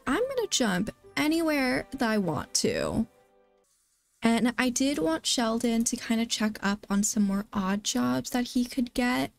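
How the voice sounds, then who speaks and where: Gamer girl chatting thru her sims game, slow and gravelly, keeps going oh my gosh. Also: mid-range voice. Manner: excitable, keeps exclaiming. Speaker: let's play host. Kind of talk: casual gameplay commentary.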